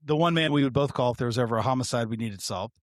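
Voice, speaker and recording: A retired deputy co-hosting a podcast tells a story in casual conversation, swearing freely, speaking animatedly, and often restarting sentences. His mid-range voice races along, with a little hiss or hum on the recording.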